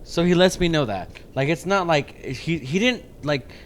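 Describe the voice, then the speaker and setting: A man's voice: on the high side, normal speed, slight background noise. A man co-hosting a podcast in casual chat, telling a rambling story full of swearing. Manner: animated, rambling, swears a lot. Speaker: podcast co-host.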